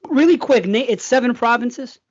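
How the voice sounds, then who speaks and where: A man's voice: extremely high pitch, moderate pace, muffled recording. Curious American man asking questions. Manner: curious, asks many questions. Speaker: podcast co-host. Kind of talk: casual chat.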